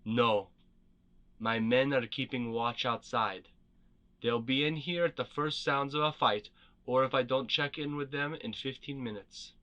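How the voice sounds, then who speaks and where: A man's voice: medium pitch, unhurried, bright, forceful tone, highs cut off. A man reading as a determined young queen. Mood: firm. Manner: firm and urgent. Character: young exiled female queen, guarded, determined. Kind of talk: storybook character reading.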